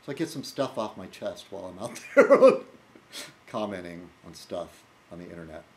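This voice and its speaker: A man chats through his weekly video blog in a loose, rambling way. His pitch jumps around with animated rises and drops, and he doubles back with fillers and self-corrections. The delivery is wry and off the cuff. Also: normal speed. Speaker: video blogger. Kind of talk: casual rambling monologue.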